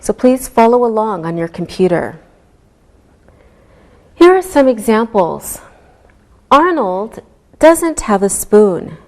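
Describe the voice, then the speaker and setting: Woman English teacher, unhurried classroom delivery, even mid-range voice. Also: mid-range voice. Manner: slow, clearly enunciated teaching voice. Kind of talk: slow classroom instruction.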